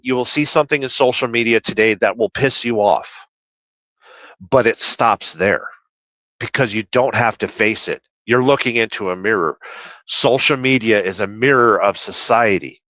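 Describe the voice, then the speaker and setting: A man's voice: mid-range voice, moderate pace, a bit bright, no echo, low-quality recording. A man livestreaming while trucking, reading chat aloud and rambling through opinions in casual talk.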